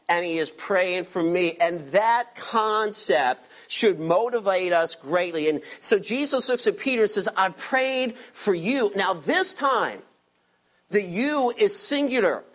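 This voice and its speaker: A man preaching an expository sermon, emphatic and dropping his voice low on key words. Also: expressive, slow pace, a bit bright. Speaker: pastor.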